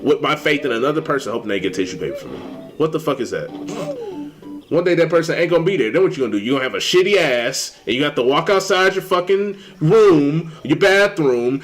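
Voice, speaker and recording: A young man chats loosely while he streams a game, his pitch swinging wide as he rants in exasperation. He swears freely and riffs on pet peeves. Game music plays clearly behind him. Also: fairly quick. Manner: animated, swearing, exasperated ranting. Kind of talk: casual rant while gaming.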